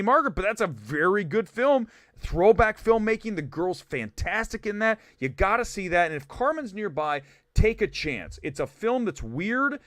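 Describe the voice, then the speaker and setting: A man from Ohio hosting a live film talk stream, ranting quickly with animated, mock-shouted asides. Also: sits high, no echo, studio quality. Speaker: livestream film show host. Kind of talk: animated livestream rant.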